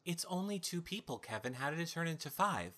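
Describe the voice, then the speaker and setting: Give me a male host with a bright, forceful voice who teases his guest dryly and keeps a casual chat moving. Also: a little high, sing-song, fairly quick.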